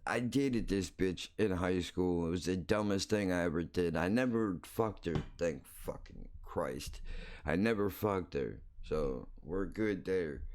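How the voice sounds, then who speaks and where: A man's voice: sits low, unhurried, darkish tone. A man hosting his own show, telling a story in a blunt, crude, rambling way, full of profanity and restarts. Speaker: podcast host.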